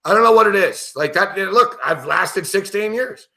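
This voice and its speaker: A middle-aged man hosts a sports betting show and tells brash, profane stories in casual chat. His voice is bright and forceful and sits a little high, and he laughs as he talks. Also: animated, moderate pace, creaky.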